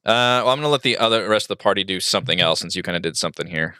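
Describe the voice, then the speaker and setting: A man acting as game master, narrating a tabletop fight over a voice call in a relaxed way, with many fillers. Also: low-pitched, very fast, clean tone, no echo, studio quality. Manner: relaxed, laughs often, filler-heavy narration.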